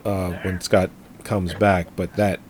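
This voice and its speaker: A man's voice: low voice, level tone, slow pace, noisy background. A man co-hosting a casual film podcast, recapping plot in a rambling, hesitant way with many fillers. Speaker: podcast co-host.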